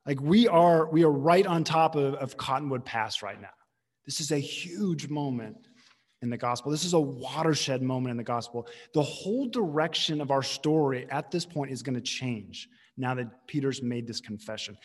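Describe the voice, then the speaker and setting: A man's voice: mid-range voice, slightly rough, big-room sound. A male pastor preaching a conversational, emphatic sermon, restarting phrases as he teaches.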